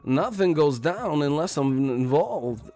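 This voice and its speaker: A man's voice: fairly high pitch, expressive, slow, dark tone, faint music behind. A man hosting a casual livestream as a boxer, rambling and profane and laughing often.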